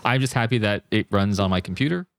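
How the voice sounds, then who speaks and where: A man's voice: on the low side, lively intonation, quick pace, no room sound, studio quality. A man co-hosting a gaming podcast in casual chat, laid-back and swearing freely. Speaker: podcast co-host.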